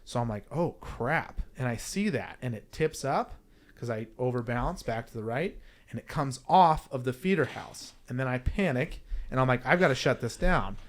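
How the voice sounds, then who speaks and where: A young adult man, a podcast guest, tells a story casually in an animated, rambling way, restarting and correcting himself. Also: mid-range voice, normal speed.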